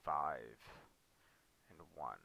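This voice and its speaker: A man's voice: extremely low pitch, drawn-out words, creaky, lo-fi sound, slight background noise. A man hosting a livestream, chatting casually as he plays a farming game and grumbling now and then. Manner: chatty, talks to chat and co-players, mild exasperated outbursts. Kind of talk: casual gameplay commentary.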